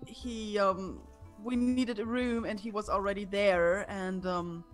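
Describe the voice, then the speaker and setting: Female tabletop player; halting, stammery casual talk. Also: mid-range voice, fairly even intonation, faint music behind. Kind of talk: casual chat.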